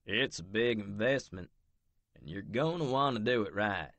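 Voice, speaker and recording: A man voicing a smug male realtor who mocks and pushes a sales pitch, in an audiobook. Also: lively intonation, normal speed, a bit bright, dry recording. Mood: salesy. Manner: sneering, salesy.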